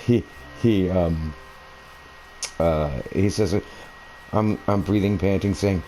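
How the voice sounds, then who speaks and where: Low, dark-voiced man telling a long story. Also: slow, long pauses, slight background noise, low-quality recording. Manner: meandering, conversational, many fillers and restarts. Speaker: gaming video creator. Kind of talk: rambling personal storytelling over gameplay. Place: at home, playing a console game.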